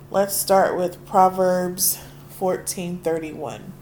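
A woman with a hoarse, froggy voice delivers a sermon at an unhurried pace. Her tone is earnest and conversational, pitched a little low, and she leans into the scripture she reads aloud. A faint hum of the room sits behind her. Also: darkish tone. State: hoarse from allergies. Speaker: preacher.

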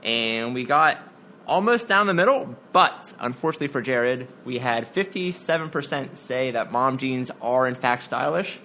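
Bright-voiced man co-hosting a podcast. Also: medium pitch, moderate pace, a little hiss or hum. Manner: relaxed, reads listener updates with dry humor. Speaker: podcast co-host. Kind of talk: casual podcast chat.

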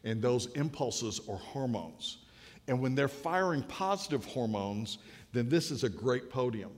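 A man's voice: mid-range voice, animated, measured pace. A man in his late fifties giving a sermon at a podium, telling folksy, humorous stories from his own life before turning to a message. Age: late 50s. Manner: folksy, anecdotal, builds to punchlines. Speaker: speaker at a podium. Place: large hall with an audience. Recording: long reverb of a large hall.

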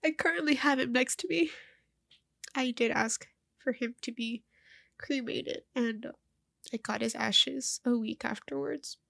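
A young woman talks haltingly through tears in a personal vlog, her voice stuffy and slightly high. A gravelly creak runs through her speech, which often stalls and repeats words. The recording is dry and close. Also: a bit bright, no echo. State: crying, stuffy-nosed.

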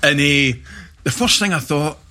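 A middle-aged Scottish man, a former footballer, telling lively anecdotes in casual chat, often checking in with "right?". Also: fairly high pitch. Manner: animated anecdotes, quick asides like "right?". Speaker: former footballer and pundit guest.

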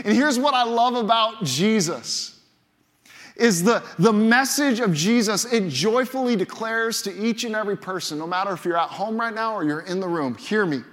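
Male pastor, high-pitched voice, emphatic, repetitive phrasing, long church reverb. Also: moderate pace, fairly bright tone. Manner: emphatic, repeats key phrases for effect. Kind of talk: sermon. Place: large church auditorium.

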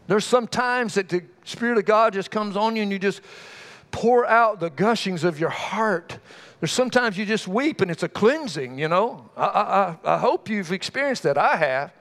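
This male preacher's voice sits high with a fairly bright tone. Folksy and conversational, he spins homespun stories and keeps calling out to his congregation with quick asides.

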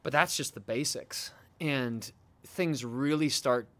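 A man's voice: mid-range voice, slow pace, a bit bright. Reflective man hosting a parenting chat. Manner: reflective, affirming, asks rhetorical questions. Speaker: podcast host. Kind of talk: casual podcast chat.

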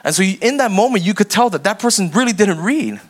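High-voiced pastor preaching conversationally. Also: male voice, animated, fast. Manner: conversational, acts out little scenes with quoted voices; rising to pressing questions. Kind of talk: sermon.

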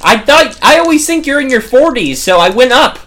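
A man's voice: extremely high pitch, big pitch swings, brisk, fairly bright tone. A young man, co-hosting a casual podcast chat, laughing along and steering back to the topic. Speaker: podcast co-host.

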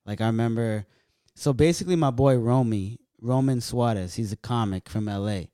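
Man, comedian, from California, casual storytelling, mid pitch, dry close sound. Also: normal speed, clean tone, no room sound. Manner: loose, profane, animated storytelling. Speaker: stand-up comedian.

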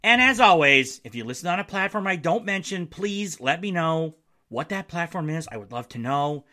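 A man's voice: a little high, animated, normal speed, sharp tone. A man hosting a solo sports podcast from his basement, casual and jokey, with playful self-mocking asides. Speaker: podcast host. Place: home basement.

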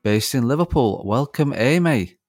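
A man's voice: mid-range voice, expressive, normal speed, darkish tone, no room sound, clean studio sound. A man hosting a podcast, chatting casually and teasing his guest with a joking, laughing manner. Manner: jokey, teasing, laughs along. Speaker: podcast host. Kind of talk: casual interview chat.

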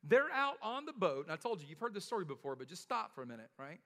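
A man gives a sermon like he's telling stories to friends, laughing and asking "right?" as he goes. His voice sits high and sounds bright. A long reverb trails after him, as in a large hall. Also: very animated, fast talker. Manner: casual, joking storyteller with frequent laughs and "right?". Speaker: pastor.

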